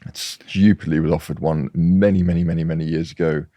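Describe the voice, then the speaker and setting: A man's voice: low voice, fairly quick, no room sound, muffled recording. A man guest chatting casually, telling anecdotes with many restarts. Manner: animated storyteller, trailing restarts. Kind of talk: casual chat.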